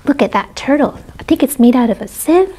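A woman librarian reading picture books aloud at a children's story time, animated and pausing to talk to the kids. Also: high voice, husky. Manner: animated, talks to kids between pages. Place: public library.

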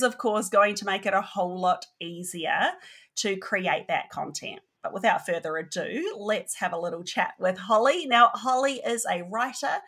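A woman's voice: medium pitch, a bit bright. A woman hosting a marketing podcast, reading a polished intro and laughing off slips in casual chat. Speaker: podcast host.

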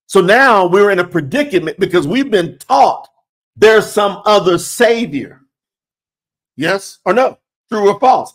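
A man teaching scripture, reading verses aloud and stressing them emphatically with rhetorical questions. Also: high-pitched. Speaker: Bible teacher.

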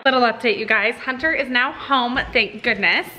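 A woman's voice: a little high, moderate pace, pushed and bright, a little hiss or hum. Bubbly young woman vlogging in an echoey room. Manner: bubbly, gushing, addresses viewers directly. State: groggy morning voice. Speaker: vlog host. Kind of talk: casual vlog talk to camera. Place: at home, indoors. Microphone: handheld camera.

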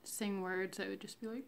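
A woman speaks in an unhurried, reflective way, sharing a personal faith diary. Her voice carries a gravelly fry at the ends of phrases. She pauses often and fills the gaps with soft fillers. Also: high voice. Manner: slow, reflective, devotional, with many fillers. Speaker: vlogger sharing a fasting diary. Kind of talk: casual spoken faith diary.

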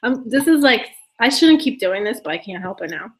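A young woman with a fairly high, sing-song voice talks briskly to her live chat as a YouTuber. Her casual conversation with viewers is rambling and giggly, and she swears freely.

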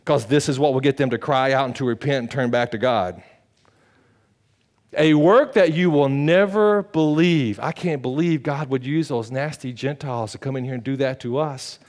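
A man pastor, preaching a sermon, swinging from loud emphatic peaks to hushed low passages. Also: a little fast, few pauses.

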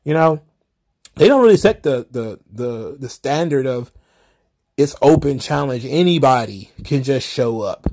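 A man's voice: mid-range voice, lively intonation, measured pace, a little mellow. A man hosting casual solo wrestling recap commentary, rambling and wry, often exasperated, with the odd swear.

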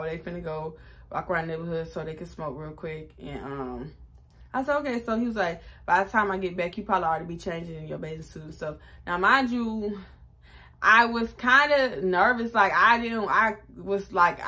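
A woman, chatting casually through a storytime and jumping up in pitch to act out quotes. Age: 20s. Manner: animated, chatty, acts out quotes with raised pitch. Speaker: vlogger.

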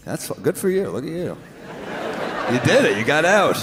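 A man's voice: fairly high pitch, big pitch swings, moderate pace. A man doing profane, teasing stand-up crowd work on a comedy club stage, with a handheld mic. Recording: roomy live club with crowd noise.

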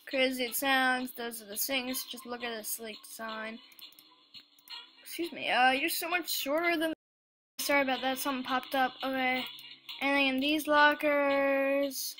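A woman with a high voice talks through a point-and-click game in a casual way. She stammers and restarts often while reading lines off the screen. Her tone is bright and sharp. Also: steady tone, a little hiss or hum, low-quality recording. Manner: halting, stammering, reads game text aloud. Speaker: let's play host.

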